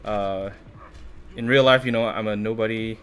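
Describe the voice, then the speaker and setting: A man's voice: lowish voice, steady tone, normal speed, a bit bright. A man hosting a live stream, chatting casually with his moderators. He laughs often and restarts his words. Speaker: streamer host.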